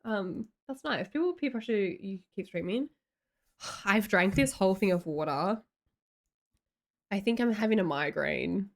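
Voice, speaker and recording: Animated, chatty woman livestreamer. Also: mid-range voice, a little slow, creaky. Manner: chatty, reads chat aloud, giggly animated storytelling. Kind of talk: casual livestream chat.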